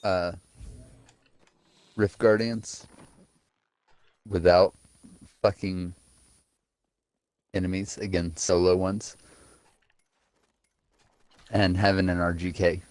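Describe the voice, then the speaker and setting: Deep, slow-talking, profane man. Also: little pitch movement, darkish tone, no echo. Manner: profane, blunt ranting. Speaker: friend in voice chat. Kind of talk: casual gaming chat.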